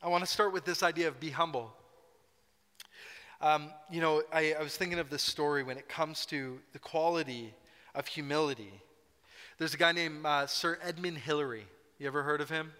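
A man's voice: on the high side, moderate pace, bright, forceful tone. A man preaching a sermon as pastor, telling a story in a conversational way and acting out quotes playfully. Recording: reverberant hall.

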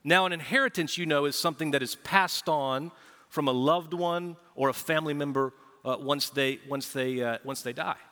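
A male pastor preaches with a bright, forceful voice that sits a little high. He throws himself into his points and acts out quick back-and-forth exchanges. The sound is a live church hall recording with a long reverb tail. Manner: animated preaching, acts out quoted dialogue. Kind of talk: sermon. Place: large church auditorium.

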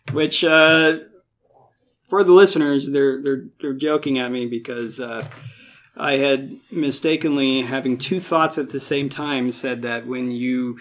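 A man running a tabletop game as game master, explaining rules with frequent fillers and quick laughs. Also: medium pitch, fairly even intonation, a bit bright.

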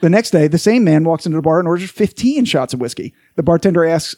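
A man telling jokes in a casual chat, animated and laughing through his punchlines. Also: fairly high pitch, fast talker, no room sound, studio quality.

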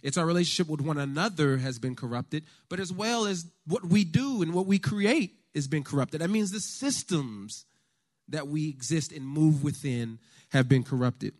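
An American man giving a conversational, faith-based talk on politics to a church lunch audience, telling stories with lively asides. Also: fairly high pitch, moderate pace. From United States. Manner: animated storyteller, conversational with the audience.

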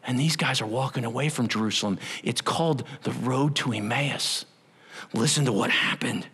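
A man's voice: medium pitch, moderate pace, fairly bright tone, slightly rough. A middle-aged male pastor preaching a sermon, telling the story with acted-out voices and sudden drops to a whisper.

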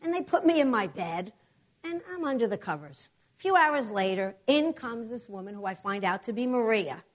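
Woman preacher, animated testimony storyteller, voice a bit high. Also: moderate pace. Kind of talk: sermon testimony.

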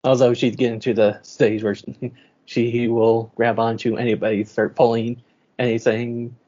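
Husky, easygoing podcast co-host man. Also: medium pitch, level tone, moderate pace, mellow, highs cut off. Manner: easygoing, laughs between thoughts. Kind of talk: casual chat.

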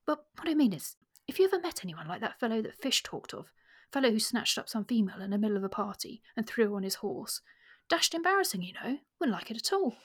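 A woman reading aloud the part of a plain-spoken, slangy young gentleman who proposes, in a soft, hushed voice. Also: fairly high pitch, sing-song, quick pace, hardly any pauses, breathy edge. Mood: earnest.

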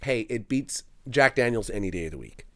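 A man's voice: medium pitch, expressive, fairly quick. A young man from Canada hosting a podcast live stream, chatting casually through comments with crude, self-mocking jokes. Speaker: podcast host.

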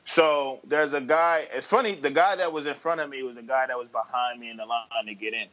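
A man co-hosting a casual podcast, rambling through thank-yous and a long anecdote. He acts out the other people's lines as he goes. The recording sounds a little dull and lo-fi, and his pitch sits in the middle for a man. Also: a little fast. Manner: rambling, animated anecdote with acted-out quotes. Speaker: podcast co-host.

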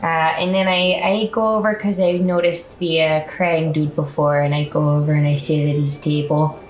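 A woman's voice: deep voice, level tone, normal speed, reverberant, rough recording. A woman playing a tabletop game, talking in character in a brash, playful way. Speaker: player.

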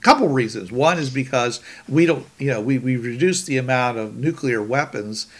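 A man's voice: medium pitch, expressive, moderate pace. Rambling man hosting a podcast. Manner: rambling, many restarts and "you know"s. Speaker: podcast host. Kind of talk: casual podcast chat.

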